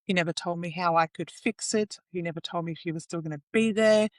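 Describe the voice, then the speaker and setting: A woman's voice: on the low side, fast talker, no echo. Raw, emotional woman swearing freely. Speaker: guest. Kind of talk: candid personal interview.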